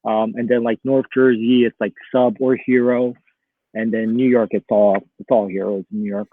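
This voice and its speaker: A Philadelphia man, a guest in a casual chat, speaks in a lowish voice at a moderate pace. He's relaxed and chatty and laughs often, heard over a tinny, phone-like line that sounds dry.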